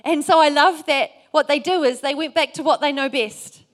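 A woman's voice: sits high, moderate pace. A woman preaching a sermon, telling a Bible story earnestly. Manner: earnest, storytelling with acted quotes.

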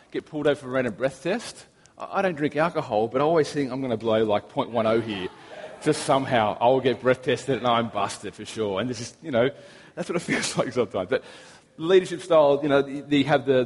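Australian man preaching in a reverberant hall. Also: mid-range voice. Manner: relaxed, anecdotal storytelling with humor. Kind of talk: sermon. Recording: long reverb of a large hall.

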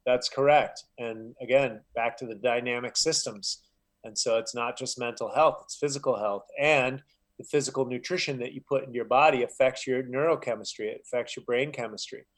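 A man's voice: medium pitch, fairly quick. A man talking as a guest in a casual interview, earnest and a little preachy, often filling with "you know". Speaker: podcast guest, health coach.

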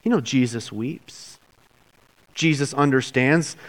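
A middle-aged man preaching a sermon in a conversational, emotive way, swinging from loud exclamations to hushed, quiet lines. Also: medium pitch, slow pace. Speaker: pastor.

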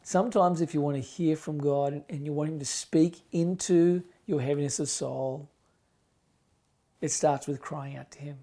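Preaching with passion, this middle-aged pastor alternates forceful, loud passages with near-whispers. His pitch is a little high, his intonation fairly even, and he speaks at a normal speed.

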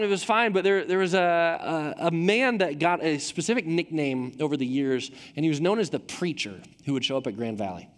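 A man in his thirties preaching a sermon, telling a personal story in a conversational way and dropping low and quiet for the voices he quotes. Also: long reverb tail. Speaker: pastor.

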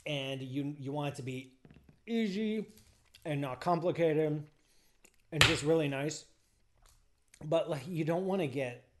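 Rambling, teasing male podcast host. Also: fairly high pitch. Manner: rambling, teasing, animated asides. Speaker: podcast host answering listener questions. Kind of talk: casual chat.

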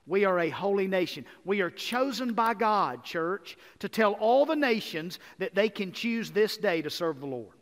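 High-voiced pastor preaching in a reverberant hall. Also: male voice, normal speed. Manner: energetic, rising to emphatic repeated lists. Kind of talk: sermon. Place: church sanctuary.

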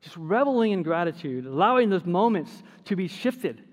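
Animated, high-voiced male pastor in a hall. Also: normal speed. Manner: storytelling, animated, laughs at his own stories. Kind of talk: sermon.

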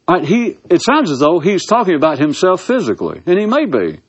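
Theatrical, sarcastic man with a husky voice. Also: sits high, huge pitch swings, brisk, few pauses. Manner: sarcastic, theatrical, swooping emphasis. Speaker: speaker giving a monologue. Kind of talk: casual philosophical monologue.

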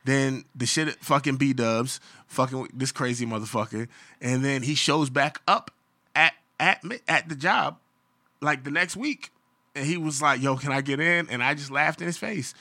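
A man co-hosting a podcast, telling stories in a loose, animated way and laughing often. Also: mid-range voice, normal speed, no room sound. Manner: animated storyteller, acts out voices in quotes, laughs often. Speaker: podcast co-host. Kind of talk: casual storytelling chat.

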